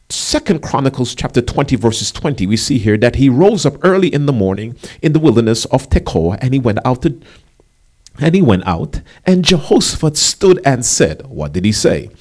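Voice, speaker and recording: A male pastor preaching a sermon, animated, with rising emphasis and casual asides. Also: medium pitch.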